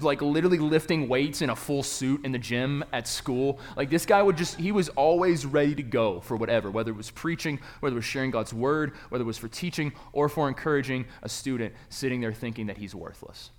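A young man preaching a sermon, telling a personal story in a conversational way that swings from quiet reflection to loud, excited emphasis. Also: mid-range voice, fairly quick, hardly any pauses. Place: church.

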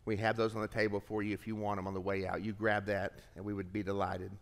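A man preaching a sermon as pastor, reading scripture aloud with lively shifts of pace and emphasis. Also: fairly low pitch, quick pace, in a large hall.

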